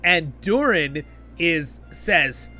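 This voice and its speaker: A man's voice: fairly high pitch, animated, drawn-out words, bright, forceful tone, faint music behind. A man hosting a casual episode review, enthusiastic and rambling, often checking in with the viewer. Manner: enthusiastic, rambling, keeps asking "right?". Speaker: host of a fan review channel.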